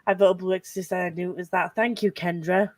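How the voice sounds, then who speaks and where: A woman's voice: on the low side, steady tone, fast talker, a little mellow, no room sound. A woman hosting a casual group livestream, chatty and rambling, laughing often. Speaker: host of a reading livestream.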